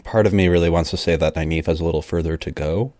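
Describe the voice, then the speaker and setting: A man's voice: low-pitched, fairly even intonation, quick pace, a little mellow, no echo. A man co-hosting a casual book discussion, laughing often and reading passages aloud. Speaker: podcast co-host.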